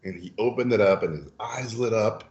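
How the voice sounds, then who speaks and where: A man from Mexico, a podcast guest telling anecdotes in a lively, animated way and acting out the people in them. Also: lowish voice, a little fast. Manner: lively storyteller who acts out voices. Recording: roomy, dull lo-fi sound.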